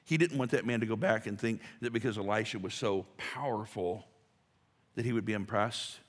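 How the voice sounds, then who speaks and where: A pastor delivering a sermon in a conversational way, building to emphatic rhetorical questions. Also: male voice, on the low side, moderate pace. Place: church sanctuary. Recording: long hall reverb.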